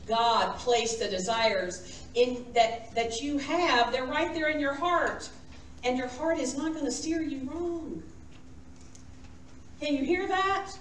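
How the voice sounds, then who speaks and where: A woman's voice: on the high side, a bit bright. A woman minister giving a sermon, coaxing the congregation to repeat lines after her. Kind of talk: sermon with call and response. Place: church sanctuary. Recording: roomy church sound from a distant mic.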